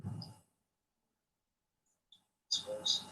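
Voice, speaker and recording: A man's voice: drawn-out words, pushed and bright. A man chatting casually, replying briefly and with questions. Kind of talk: casual chat. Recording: distant mic with faint background noise.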